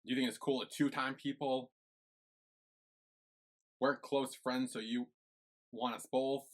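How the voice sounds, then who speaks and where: A man's voice: medium pitch, unhurried. A young man co-hosting a podcast, retelling episode plot in a casual storytelling way. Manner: storytelling, quoting characters with lively shifts. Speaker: podcast co-host. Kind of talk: casual chat recapping a series.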